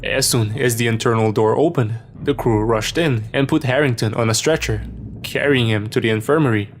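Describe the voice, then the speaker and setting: A man narrating a first-person horror story in a steady, measured way, in a scripted storytelling style. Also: mid-range voice, a little hiss or hum.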